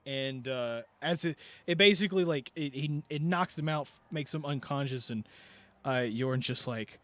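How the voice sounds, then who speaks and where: A man's voice: medium pitch, normal speed, fairly bright tone. A man narrating a tabletop game as game master, rambling through the scene with many fillers and restarts.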